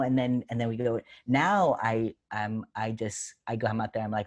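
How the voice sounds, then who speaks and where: A comedian answering questions in a casual, animated way, full of fillers and acted-out stage lines, over a video call. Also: male voice, medium pitch, normal speed. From United States. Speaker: comedian guest.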